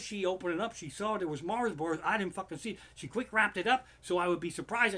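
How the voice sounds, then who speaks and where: Man, comedian, profane rant, lively swooping pitch, bright tense tone. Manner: swears constantly, flares into loud outbursts. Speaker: comedian hosting a livestream. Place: living room at home.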